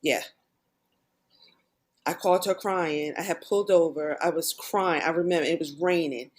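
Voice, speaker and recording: Earnest woman with a lowish voice. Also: steady tone, normal speed. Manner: earnest, retells dialogue in quoted bursts. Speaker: guest. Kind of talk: candid personal conversation.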